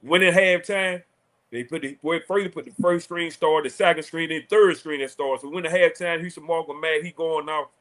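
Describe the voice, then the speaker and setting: A man, a former college quarterback telling animated, laughing stories as a talk show guest. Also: fairly high pitch, a little fast. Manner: animated, laughing storyteller acting out quotes. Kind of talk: casual storytelling on a talk show.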